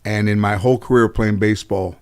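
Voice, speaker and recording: Animated storytelling man, loose and profane. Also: on the low side, fairly quick, clean tone. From Los Angeles area. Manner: animated, profane, laughs at his own stories. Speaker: guest comedian. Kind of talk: casual storytelling in interview.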